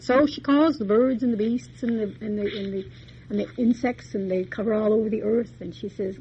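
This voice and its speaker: Woman lecturer, fairly high-voiced, spins a tale in a folksy chatty manner; lo-fi recording with faint hiss. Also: fairly even intonation, brisk. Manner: chatty, folksy retelling with asides. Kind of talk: storytelling lecture.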